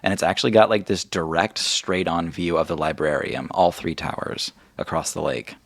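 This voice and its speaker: A man's voice: low-pitched, steady tone, moderate pace, vocal fry, dry recording, studio quality. A man narrating as game master in a casual, filler-heavy way.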